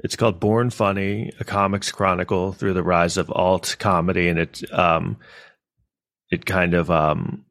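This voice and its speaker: Halting deep-voiced male podcast host. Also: fairly even intonation, fairly bright tone, dry recording, studio quality. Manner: halting, hesitant, self-deprecating. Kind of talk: casual chat.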